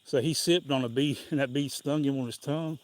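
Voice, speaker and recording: A man with a Southern US accent hosts a casual live stream while out on a walk. His voice sits at an ordinary middle pitch, and he talks in a loose, folksy, meandering way, breaking into small chuckles. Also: a little fast, darkish tone. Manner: rambling folksy storytelling, chuckling often. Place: outdoors on a walk.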